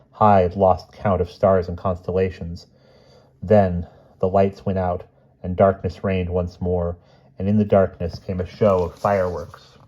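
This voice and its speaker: Deep-voiced man reading a storybook. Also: warm tone, highs cut off. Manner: measured, relishing word lists. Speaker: audiobook reader.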